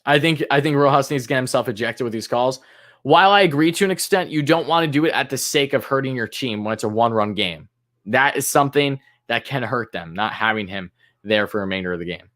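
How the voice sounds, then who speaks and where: A man hosting a live fan stream, calling pitches play-by-play and griping and swearing about the umpires in an exasperated voice that jumps high on big moments. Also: lively intonation, fast talker, a bit bright. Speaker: fan commentator and stream host.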